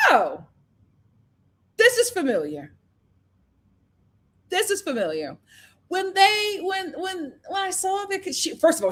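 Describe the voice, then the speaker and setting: A woman hosting a casual live review of a reality dating show, chatty and opinionated, acting out what the cast said. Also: high-pitched. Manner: chatty, opinionated, acts out cast members' lines.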